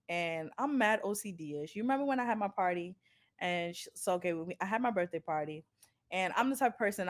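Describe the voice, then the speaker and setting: A woman co-hosting a casual podcast chat, telling stories in an animated, blunt way with frequent laughter. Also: medium pitch. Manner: animated storytelling, laughs a lot, blunt and profane. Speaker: podcast co-host.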